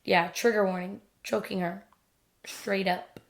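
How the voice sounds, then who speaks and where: A young woman co-hosting a podcast, telling a story in casual chat, acting out quotes loudly and swearing freely. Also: medium pitch, level tone, measured pace, vocal fry. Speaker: podcast co-host.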